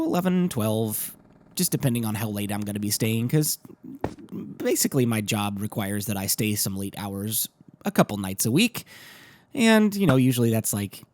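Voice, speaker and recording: A young man hosting a Let's Play, narrating his own gameplay in a chatty, casual way, with a slightly rough morning voice. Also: mid-range voice, darkish tone.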